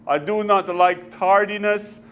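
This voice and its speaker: A man's voice: sits high, a bit bright. A man playing a pompous bossy forecaster chief. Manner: stiff, halting formal English with a put-on accent. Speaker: comic actor. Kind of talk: amateur comedy sketch.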